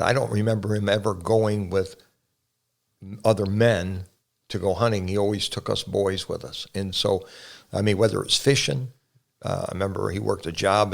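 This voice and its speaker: A man's voice: on the low side, gravelly. An older man, a pastor, talking casually with his son and reminiscing about growing up with his family. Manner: reminiscing, earnest. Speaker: pastor and guest.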